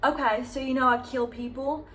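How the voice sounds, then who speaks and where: A smooth young mob boss with a hammy fake British accent, calm and reassuring, as a woman puts him on. The pitch sits on the high side for a man, clearly a woman's voice pushing the accent. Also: normal speed. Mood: menacing calm. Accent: put-on British.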